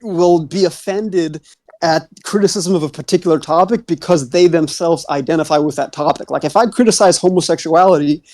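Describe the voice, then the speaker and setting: Combative high-voiced man arguing. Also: fairly quick, darkish tone. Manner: combative, cursing, talks over others. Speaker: debate guest. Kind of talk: heated online debate.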